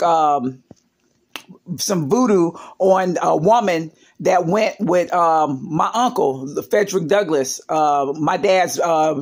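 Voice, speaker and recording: A woman's voice: lowish voice, a little mellow. A woman vlogger telling family stories in a rambling, casual way, with many fillers and side remarks. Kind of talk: casual storytelling vlog.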